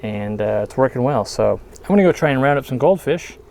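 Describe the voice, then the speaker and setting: Easygoing male vlog host outdoors, chatty and unpolished, mid pitch. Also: fairly quick, vocal fry, slight background noise. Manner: relaxed, rambling, many fillers and restarts. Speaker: aquarium shop owner and channel host. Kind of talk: casual outdoor walkthrough vlog. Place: outdoors by a garden pond.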